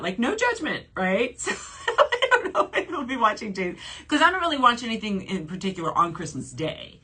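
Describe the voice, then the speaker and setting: Husky lady in her 40s from new orleans, chatty and giggly, reading out viewer comments on a livestream. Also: fairly high pitch, big pitch swings, normal speed, sharp tone. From New Orleans, USA. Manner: chatty and bubbly, laughs often. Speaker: shopping channel host.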